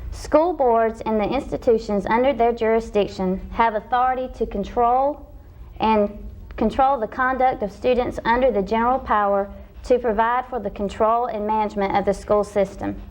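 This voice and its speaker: A young woman from Georgia on a student debate panel, reading legal policy points in a steady, formal way. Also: on the high side, moderate pace, poor audio. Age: young adult. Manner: reads legal text steadily, speeding up through citations.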